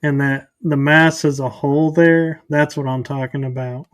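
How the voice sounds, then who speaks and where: A man hosting a podcast, speaking in a measured, thoughtful way. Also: fairly high pitch, steady tone, no room sound. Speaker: podcast host. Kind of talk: casual podcast chat.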